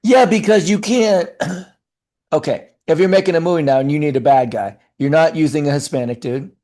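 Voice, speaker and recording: In a relaxed interview, this middle-aged actor and acting coach talks quickly and with animation, his voice on the high side. He fills his speech with fillers and frequent restarts.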